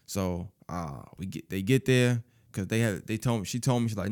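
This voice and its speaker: A man's voice: fairly low pitch, normal speed. A man telling a personal story in casual, profane speech, acting out other people's lines as he goes. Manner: animated, profane, acts out quoted voices.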